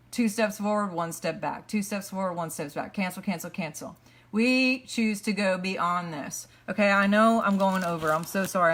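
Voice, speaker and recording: A motivational coach with a medium-pitched voice gives an energetic self-help teaching talk. She repeats herself often and walks through her points step by step.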